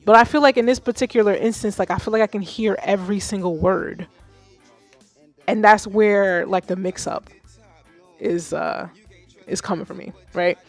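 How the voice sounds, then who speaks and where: A woman host reviews songs live on her stream, blunt and animated, with a mid-range voice and frequent swearing. Faint music plays softly behind her. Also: mid-range voice, moderate pace, pauses often, no echo. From Haitian. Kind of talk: casual livestream commentary.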